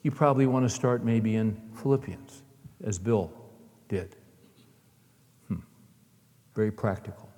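Middle-aged male pastor, earnest sermon storyteller, mellow tone, echoing church hall. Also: on the low side, unhurried, long pauses. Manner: storytelling with acted-out dialogue, earnest. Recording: long hall reverb.

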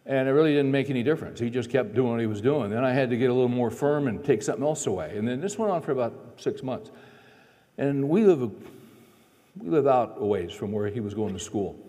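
Middle-aged male pastor, sermon, mellow voice, long hall echo. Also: mid-range voice, animated, quick pace. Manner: storytelling, shifts between loud preaching and quiet aside.

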